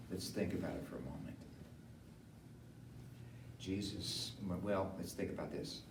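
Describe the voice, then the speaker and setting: A man preaching a funeral sermon in a conversational way that rises to animated emphasis. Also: low-pitched, normal speed, pauses often. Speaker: pastor. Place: funeral home chapel. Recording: echoey room from far off, faint hiss.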